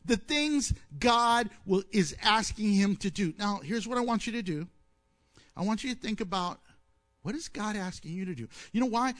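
A man preaching a sermon, telling stories with questions to the listeners and acting out the quoted voices. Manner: animated storytelling, asks the audience questions and answers them; acts out quoted voices with swings in pitch and loudness.

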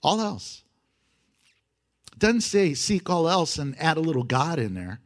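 Male pastor, high-pitched, animated delivery that drops to hushed asides, playful acted-out voices. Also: unhurried. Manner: animated, swings from loud emphasis to hushed intimacy; acts out prayers and voices with humor. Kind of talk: sermon.

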